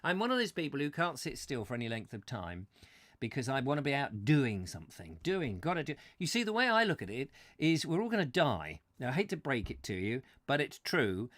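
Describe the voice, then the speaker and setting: Man, chat show host, comic rant, rambling, excitable, animated pitch. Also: fairly quick, dry recording, studio quality. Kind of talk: comic ranty chat, reading viewer comments.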